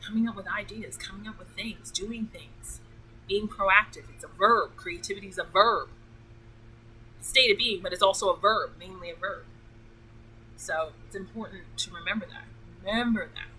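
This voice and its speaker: A woman's voice: mid-range voice, moderate pace, sharp tone, a little hiss or hum, low-quality recording. A woman hosting a casual talk, enthusiastic and emotional, rambling with many fillers. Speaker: podcast host.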